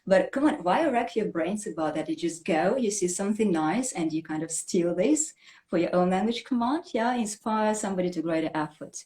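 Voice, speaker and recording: A woman English teacher, explaining language points in an animated, conversational way and often checking in with "right?". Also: on the low side, a little fast. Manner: animated, explanatory, frequent "you know" and "right?".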